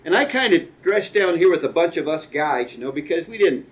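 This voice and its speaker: A man's voice: fairly high pitch, animated, brisk, highs cut off. A middle-aged man preaching a sermon as a guest speaker, conversational, with asides and quoted dialogue.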